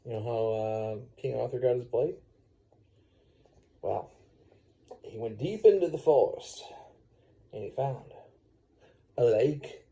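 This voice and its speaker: A man's voice: mid-range voice, expressive, measured pace, pauses often, mellow. A man improvising a rambling, playful story for a baby. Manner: rambling, playful, sing-song. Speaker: parent telling a story to a baby.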